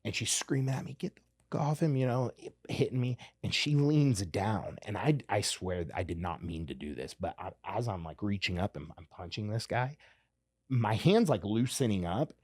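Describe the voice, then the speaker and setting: A man casually telling a long story as a podcast guest, animated and full of restarts. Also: on the low side, normal speed, husky, no room sound, clean studio sound. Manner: animated, restarts a lot, says "you know what I mean".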